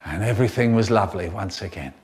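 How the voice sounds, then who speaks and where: A man narrating a family story in an animated, theatrical storytelling manner, chopped into a comic mashup. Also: on the low side, fast, husky, soft background music.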